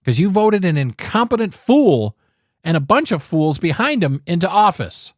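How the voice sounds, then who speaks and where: Ranting man with lively pitch. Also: moderate pace, no room sound, clean studio sound. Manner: angry, emphatic, sarcastic, profane. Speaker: political talk show host. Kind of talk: ranting political monologue.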